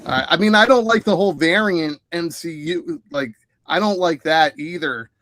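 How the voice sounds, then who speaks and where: A man's voice: a little high, normal speed, fairly bright tone, no echo. A man co-hosting a casual livestream, chatting and laughing easily. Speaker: livestream co-host. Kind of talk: casual chat.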